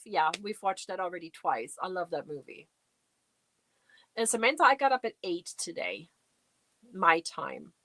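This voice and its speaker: A middle-aged woman hosts a casual livestream from her home crafting space, chatting and reading out viewer comments to answer them. Her voice sits at medium pitch, with no echo.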